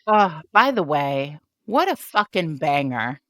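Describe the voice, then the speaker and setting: A woman's voice: low-pitched, sing-song, slow pace, fairly bright tone, dry recording. A woman co-hosting a podcast in casual chat, playful and rambling. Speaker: podcast co-host.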